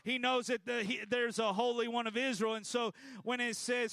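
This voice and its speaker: High, gravelly-voiced preacher man. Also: fairly even intonation, moderate pace, few pauses, fairly bright tone, no echo. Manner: emphatic preaching with call-and-response prompts. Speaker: pastor. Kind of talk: sermon.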